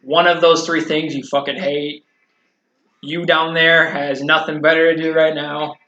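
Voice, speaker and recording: A man's voice: on the high side, little pitch movement, measured pace, pushed and bright, highs cut off, slight background noise. A man playing a tabletop game, cracking jokes at the table. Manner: wisecracking. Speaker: player. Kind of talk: joking table talk. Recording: echoey room.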